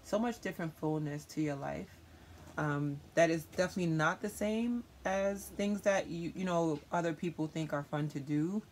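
A youth leader answering interview questions in an earnest, reflective way, often pausing with fillers. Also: medium pitch, a little hiss or hum.

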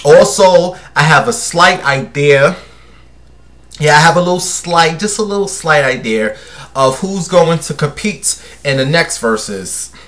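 A sassy man in a casual gossip livestream, his voice sitting a little higher than most men's. He talks brashly and directly to his viewers, full of attitude. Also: unhurried, fairly bright tone, slight background noise. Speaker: livestream host.

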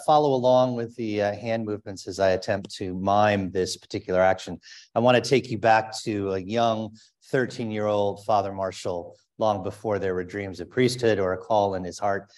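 Chatty priest preaching a homily. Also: male voice, fairly low pitch, fairly even intonation, normal speed, darkish tone. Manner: chatty, with fillers and restarts. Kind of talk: conversational sermon.

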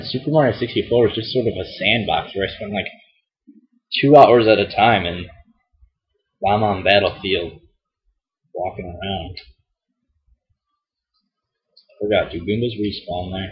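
Young man, low voice, rambling casual gameplay commentary, dull lo-fi mic. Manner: rambling, swears and groans at mistakes. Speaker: let's play host.

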